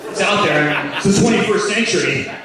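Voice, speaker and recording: Stand-up comedian, man, slightly high voice, rambling delivery, picked up from a distance in a reverberant club with an audience laughing. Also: expressive, moderate pace, over music. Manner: rambling, filler-heavy delivery with sudden loud outbursts. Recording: echoey club recorded from far off with audience.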